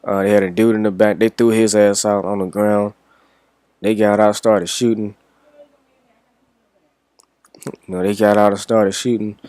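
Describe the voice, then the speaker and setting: Laid-back young man, lowish voice. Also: level tone, moderate pace, darkish tone, no echo. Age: young adult. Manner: rambling, profane, laid-back. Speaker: reaction vlogger. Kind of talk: casual storytelling.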